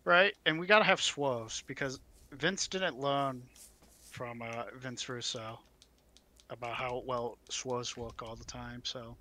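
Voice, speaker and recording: Man with a bright, sarcastic voice. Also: mid-range voice, fairly even intonation, slow. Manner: sarcastic, jumps in to interject. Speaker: podcast co-host. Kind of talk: casual chat.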